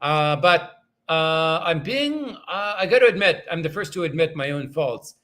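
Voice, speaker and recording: Male livestream host, higher and brighter than most men, loose and self-mocking as he chats with viewers. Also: animated, a little slow. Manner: rambling, self-deprecating, thanks viewers often. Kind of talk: casual livestream chat.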